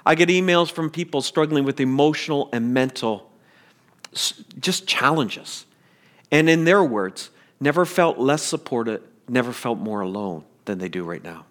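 A man preaching a sermon as pastor, earnest and deliberate, with stammered restarts. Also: mid-range voice, a bit bright.

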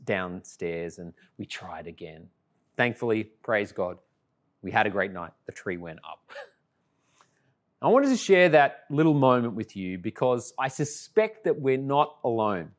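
A middle-aged Australian man, a pastor, opens a sermon with a conversational story that swings between lively and hushed, tender tones. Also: fairly low pitch, measured pace.

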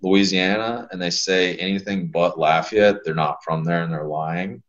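Man, very low voice, casual podcast guest, rambling stories, dull lo-fi sound. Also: normal speed. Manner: rambling, animated storyteller. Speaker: pelvic health physical therapist guest.

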